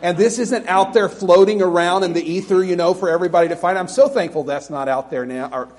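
A man's voice: sits high, fast, darkish tone. A middle-aged man from Alabama preaching a sermon as a pastor, conversational and self-deprecating, with laughing asides.

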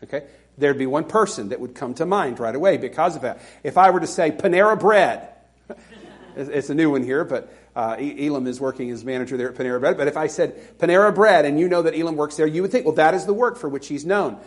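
A middle-aged pastor from Alabama preaches in a loose, conversational way and pokes fun at himself. His voice sits fairly high for a man. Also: lively intonation, quick pace. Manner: conversational, self-deprecating, with laughing asides. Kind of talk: sermon.

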